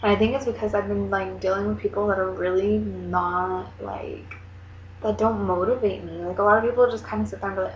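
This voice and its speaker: A young woman talks casually to her camera, rambling through stories with "like" in nearly every sentence. Her voice sits at a middle pitch and is captured by a lo-fi camera mic. The room is echoey, and a faint hiss sits underneath. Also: fairly even intonation, fairly quick. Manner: chatty, rambling, heavy use of "like". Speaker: vlogger. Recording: echoey room, dull lo-fi sound.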